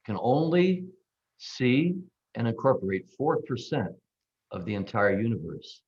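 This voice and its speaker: A man giving a measured, playful reflection on a group call, leaning hard on key words. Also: fairly low pitch, highs cut off. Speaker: call participant.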